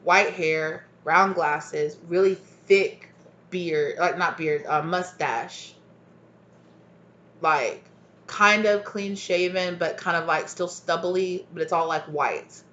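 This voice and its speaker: A woman's voice: on the low side, takes it slowly, fairly bright tone, lo-fi sound. A woman giving a casual tarot reading to her viewers, rambling and chatty, laughing often and calling them y'all. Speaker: tarot reader.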